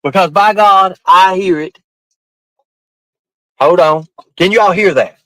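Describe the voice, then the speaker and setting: A man's voice: high-pitched, slow, a bit bright, no echo, rough recording. A man ranting defensively to his live-stream chat, swearing often and rambling from point to point. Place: outdoors at night in the rain.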